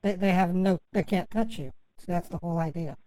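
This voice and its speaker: A woman with a mellow, warm voice rambles on a phone call. She stammers and restarts her sentences, fills the gaps with ums, and the sound is dry and close. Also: fairly low pitch, no room sound. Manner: halting, stammering, full of fillers and restarts. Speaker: scambaiter posing as a victim.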